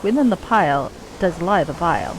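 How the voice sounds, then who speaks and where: A woman's voice: fairly low pitch, big pitch swings, normal speed, slight background noise, poor audio. Woman doing a mad rhyming cultist man. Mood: sing-song. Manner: speaks in singsong rhymes with broken grammar. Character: mad rhyming male cultist, broken grammar.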